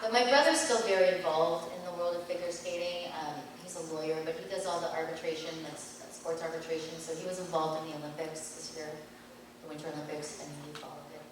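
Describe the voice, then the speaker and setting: A middle-aged actress telling chatty anecdotes with fillers and laughs at a convention panel. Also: female voice, low-pitched, fairly even intonation, fast talker. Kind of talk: convention Q&A storytelling. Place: large indoor convention hall. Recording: echoey convention hall from far off, faint noise.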